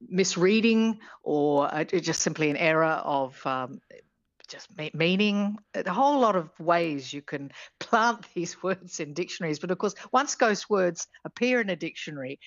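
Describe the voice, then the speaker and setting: A woman academic speaks in a lowish voice, pausing often with fillers as she explains things on a radio interview. Her voice comes through a dry, somewhat dull line. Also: animated, dry recording. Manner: thoughtful, hesitant with fillers and laughs. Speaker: linguistics professor guest.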